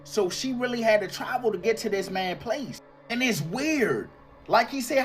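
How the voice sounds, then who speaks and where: A man's voice: high-pitched, animated, moderate pace, fairly bright tone, faint music behind. A man hosting a reaction video, talking casually and slangily to his viewers. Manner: slangy, exclaiming, addresses viewers as y'all. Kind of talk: casual commentary on a clip.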